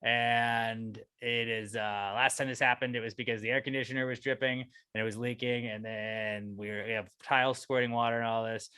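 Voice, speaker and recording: Bright-voiced man ranting on a podcast. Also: medium pitch, level tone, normal speed, few pauses, clear, resonant tone, no echo. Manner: ranting, profane storytelling, voice rising when angry. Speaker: podcast co-host. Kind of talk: casual chat.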